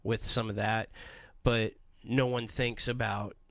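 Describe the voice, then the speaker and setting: A man hosting a podcast, telling stories in an animated, rambling way in a casual comedic chat. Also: fairly low pitch, slow, no echo. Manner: animated, rambling storytelling with voices. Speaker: podcast host.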